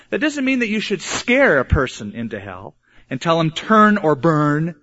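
A man preaching an earnest sermon, slowing down hard for emphasis. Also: mid-range voice. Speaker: pastor. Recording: dull lo-fi sermon recording.

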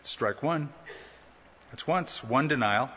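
A man's voice: mid-range voice, lively intonation, takes it slowly, sharp tone, slight background noise. A man preaching a sermon, teaching in a conversational way with rhetorical questions and humorous asides. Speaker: pastor. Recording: dull lo-fi sound with long hall reverb.

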